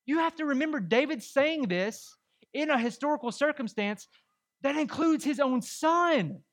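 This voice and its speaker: Animated male pastor preaching. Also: extremely high pitch, moderate pace. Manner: animated, conversational preaching with rhetorical questions. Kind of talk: sermon.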